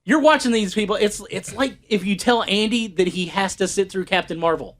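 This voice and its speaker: Podcast co-host, man, high pitch, rambling casual delivery. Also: fairly quick, fairly bright tone. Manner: rambling with many fillers. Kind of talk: casual chat.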